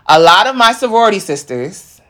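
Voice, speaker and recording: A woman's voice: medium pitch, big pitch swings, brisk, fairly bright tone. A thirty-year-old woman chatting casually and speaking her mind. She is blunt and emphatic and swears freely. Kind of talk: casual chat.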